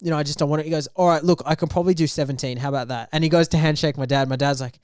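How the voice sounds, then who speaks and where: Fast-talking young man telling a story. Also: on the high side, smooth. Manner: animated storyteller, acts out quoted dialogue. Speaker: podcast co-host. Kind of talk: casual storytelling chat.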